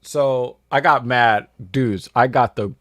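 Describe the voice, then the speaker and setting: A man's voice: mid-range voice, slow, fairly bright tone, no room sound, studio quality. A man co-hosting a casual podcast, telling a brash, boastful story and often laughing. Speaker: podcast co-host.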